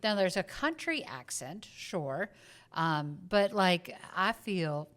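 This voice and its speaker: A woman co-hosting a film podcast, with a faint Southern US lilt in her speech. Her voice sits low and sounds smooth and clear. She thinks out loud, circling back with fillers and restarts as she works through her opinions. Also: very animated, takes it slowly. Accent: subtle Southern US. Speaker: podcast co-host. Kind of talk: casual film review chat.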